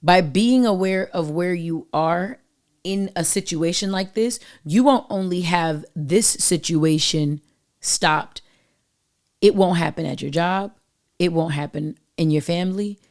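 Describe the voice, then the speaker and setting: Woman host, lowish voice, emphatic, slangy, direct advice monologue. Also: measured pace, a little mellow. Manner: emphatic, preachy, uses slang and direct address. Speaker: podcast host giving love advice.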